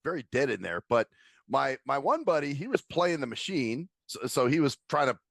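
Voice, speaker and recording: A man co-hosting a casual podcast chat, telling animated stories and laughing often. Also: mid-range voice, moderate pace, creaky, no room sound, clean studio sound. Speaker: podcast co-host.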